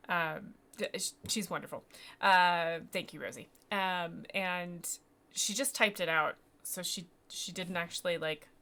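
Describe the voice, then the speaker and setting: A woman's voice: on the low side, fairly bright tone. A woman narrating as game master of a tabletop game, rambling and self-deprecating, with many fillers and restarts.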